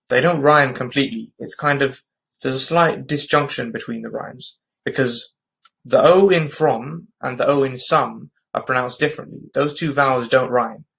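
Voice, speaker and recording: A man's voice: mid-range voice, fairly bright tone, low-quality recording. A man with a London accent explaining a topic in a patient, methodical lesson. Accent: London English. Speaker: English tutor.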